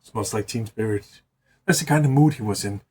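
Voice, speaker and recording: A man's voice: on the low side, normal speed, darkish tone, slight background noise. A man improvising a rambling, profanity-laced story in a casual way, often restarting words.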